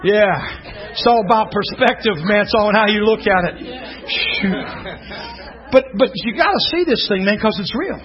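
A middle-aged male pastor preaching an animated sermon, telling stories with shouts and laughter. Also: high voice, normal speed, some chatter behind. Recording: dull lo-fi sound, faint congregation.

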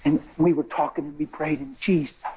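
A male preacher telling a story in a sermon, excitable, jumping between loud high bursts and low quiet asides. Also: fairly quick, noisy background. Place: church.

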